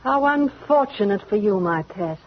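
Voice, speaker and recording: A woman's voice: medium pitch, animated, normal speed, close to an everyday voice. An actress playing a jealous, spiteful rival woman in a 1940s radio drama, speaking in a mocking, sarcastic drawl. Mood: taunting. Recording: dull lo-fi vintage radio recording.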